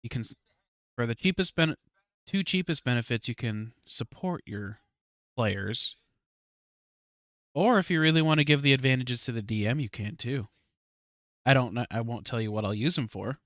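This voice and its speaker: A man's voice: medium pitch, expressive, moderate pace, long pauses, fairly bright tone, dry recording, clean studio sound. Rambling laid-back game master guy. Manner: rambling, hesitant, laughs often. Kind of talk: casual podcast chat.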